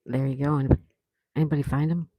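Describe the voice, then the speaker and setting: A woman's voice: low-pitched, fairly even intonation, racing, no room sound, dull audio. A woman hosting a casual livestream outdoors, chatty and affectionate, reading viewer comments aloud. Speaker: livestream host.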